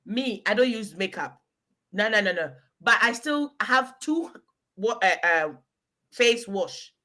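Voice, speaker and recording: A woman's voice: mid-range voice, expressive, slow pace, sharp tone. A woman from Ghana, chatting casually and emphatically while giving relationship advice and calling out to a listener by name. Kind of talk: casual chat.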